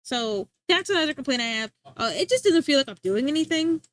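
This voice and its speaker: A woman's voice: high voice, lively intonation, fairly quick. A young adult woman streaming, rambling in casual chat and answering her chat, often restarting her sentences.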